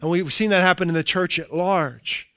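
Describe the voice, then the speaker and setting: This middle-aged male pastor's sermon features a high, smooth, resonant voice with a sharp tone. He slows down to underline key phrases, then turns to chatty asides. The sound is dry and close, with no echo.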